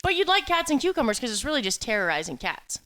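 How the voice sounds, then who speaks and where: A woman's voice: sits high, very animated, quick pace, bright, forceful tone, a little hiss or hum. A young woman co-hosting a casual podcast chat, teasing and laughing often. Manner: giggly, teasing. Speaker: podcast co-host.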